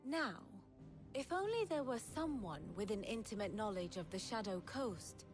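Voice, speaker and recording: Game scholar, a woman voicing her: dry, explanatory, clear music behind. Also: medium pitch, animated, lightly acted. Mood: wry. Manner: measured, wry, explanatory. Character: sly learned woman advisor.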